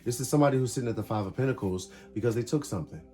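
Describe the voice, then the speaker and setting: A man's voice: mid-range voice, very fast, mellow. A man giving a casual tarot reading, calling out cards in short emphatic bursts. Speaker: tarot reader.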